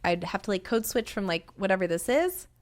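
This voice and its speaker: A woman's voice: mid-range voice, expressive, a little fast. A woman with a Southeast San Diego accent, a guest talking candidly in a casual podcast conversation and laughing often.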